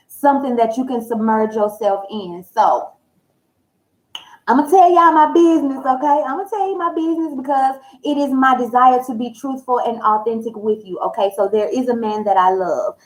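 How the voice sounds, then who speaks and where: A woman tarot reader speaking in a frank, animated, colloquial way, confiding in her viewers directly. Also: fairly high pitch, moderate pace, few pauses, low-quality recording. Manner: confiding, addresses listeners directly. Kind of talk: casual personal talk to viewers.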